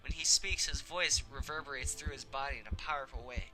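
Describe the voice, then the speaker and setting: A young man hosting a let's play, reading a visual novel aloud with casual, halting asides. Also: mid-range voice, poor audio.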